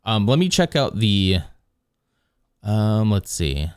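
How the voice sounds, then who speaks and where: On a live stream, a man with a lowish, clear and resonant voice speaks slowly in a sing-song way, in clean studio sound with no echo. He reacts to videos, reads chat aloud, rambles, and corrects himself often.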